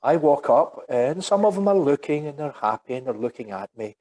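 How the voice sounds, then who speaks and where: A man's voice: on the high side, sing-song, fairly quick, mellow, rough recording. A Scottish man in his seventies, a podcast guest telling a story in a reflective, step-by-step way and checking in with his listener. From Scotland. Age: 70s. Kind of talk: conversational storytelling.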